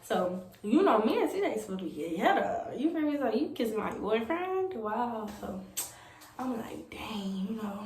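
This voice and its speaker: A woman's voice: a little high, big pitch swings, normal speed, a little mellow. A young woman tells a rambling story in a casual vlog, with lots of "like" and "you know.". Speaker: vlogger. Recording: echoey room with faint noise.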